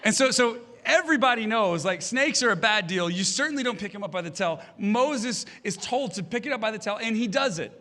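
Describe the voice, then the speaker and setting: A man's voice: high voice, lively intonation, a little fast, few pauses, sharp tone. A man in his thirties preaching a sermon as pastor, telling funny family stories and acting out the voices of the people in them. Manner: humorous storytelling, acting out voices. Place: church stage.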